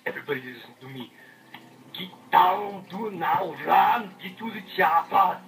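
A man doing an impression of a gruff muscle-bound action hero barking urgent orders. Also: sits high, lively intonation, normal speed, heavy background noise. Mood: commanding.

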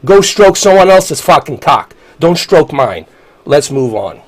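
A man's voice: a little high, sing-song, a little slow. A man, ranting angrily and profanely while live-streaming a game. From Bosnia. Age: 40s. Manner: angry, profane, combative.

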